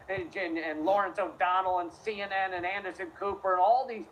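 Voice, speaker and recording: A man's voice: sits high, fairly even intonation, brisk, few pauses, slight background noise, poor audio. A man in a played clip delivering a sardonic, scornful political commentary monologue.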